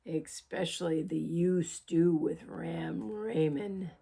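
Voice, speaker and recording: A woman voicing a hungry, sly male wolf disguised as a sheep in a read-aloud storybook, speaking in a low, growly voice. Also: fairly even intonation, slow, gravelly, mellow, husky, exaggerated voice. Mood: growling, sly.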